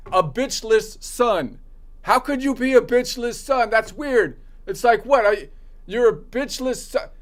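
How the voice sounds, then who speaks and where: A man practicing stand-up jokes in a sarcastic, ranting delivery, slipping into mocking voices for the people he quotes. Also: sits high.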